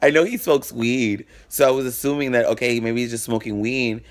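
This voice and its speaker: Talking a little fast, with a medium pitch and fairly even intonation, the man recounts a personal story for his vlog. His casual storytelling is blunt, profane and theatrical, and he acts out what people said.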